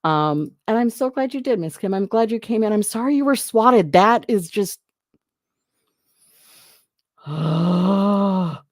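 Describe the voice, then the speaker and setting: A woman's voice: mid-range voice, lively intonation, slow, long pauses, no echo, studio quality. A woman hosting a live stream, chatting casually and answering viewer comments in a rambling way, often breaking off and laughing.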